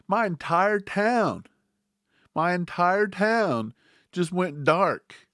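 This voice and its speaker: A man hosting a casual livestream, talking in an animated, rambling way. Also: a little high, slow pace, long pauses, dry recording, studio quality. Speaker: livestream host.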